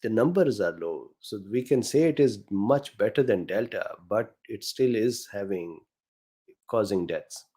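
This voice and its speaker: Middle-aged male host, non-native accent, relaxed mellow delivery, casual live Q&A reading viewer chat. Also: on the low side, measured pace, breathy edge. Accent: non-native English accent. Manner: reads chat questions aloud, frequent fillers, chuckles. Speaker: host answering viewer questions.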